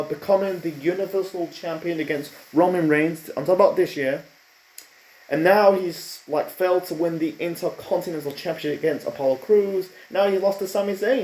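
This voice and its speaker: A man's voice: high-pitched, darkish tone. A man giving a casual spoken review, rambling and opinionated with lots of fillers and restarts. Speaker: wrestling show reviewer. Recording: echoey room.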